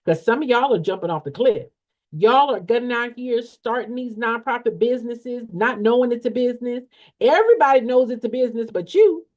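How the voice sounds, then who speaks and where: A woman's voice: on the high side, brisk, darkish tone. A woman coaching an audience on nonprofit funding, blunt and preachy, who repeats her points and asks rhetorical questions in folksy, slangy talk. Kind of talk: emphatic motivational teaching. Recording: dull lo-fi sound.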